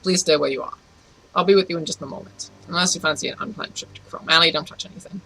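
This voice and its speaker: A man's voice: a little high, fast, pushed and bright, rough recording. A man reading the lines of a cultured, pleasant male mechanic with a faint Russian accent in his own voice. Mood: courteous. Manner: pleasant, polished and courteous.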